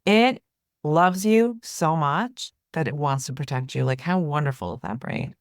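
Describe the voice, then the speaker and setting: A woman's voice: low voice, lively intonation, measured pace, no room sound, clean studio sound. A woman therapist speaking as a guest in an interview, explaining earnestly and often checking in with "right?". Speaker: therapist and author, podcast guest. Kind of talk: conversational interview.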